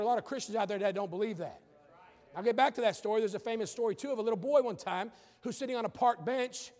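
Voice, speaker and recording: A man preaching a sermon as a pastor, building from calm teaching to emphatic, shouted declarations. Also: high voice, in a large hall. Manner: preaching with rising emphatic outbursts.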